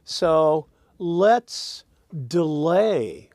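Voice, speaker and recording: A man teaching songwriting, thinking aloud as he drafts lyrics and quietly hums and sings the lines he is trying out. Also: fairly high pitch, sing-song, very slow, no echo, clean studio sound.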